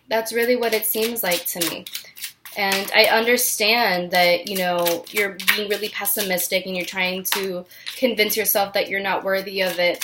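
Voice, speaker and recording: A woman's voice: mid-range voice, noisy background. A woman giving a casual tarot reading to her viewers, earnest and encouraging, with lots of fillers and restarts, and close to tears. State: near tears, voice catching. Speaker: tarot reader.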